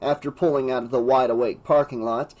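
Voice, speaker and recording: A man's voice: steady tone, a little fast, low-quality recording. A man reading an unabridged horror novel aloud, narrating with dramatic expression and raising his voice for the characters. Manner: voices characters with raised pitch and louder shouts. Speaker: audiobook narrator.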